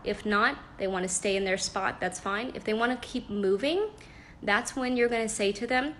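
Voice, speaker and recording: A young adult woman giving parenting advice in a casual live-stream chat, practical and chatty with soft laughs and fillers, talking into a phone at home. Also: medium pitch, normal speed, a little hiss or hum.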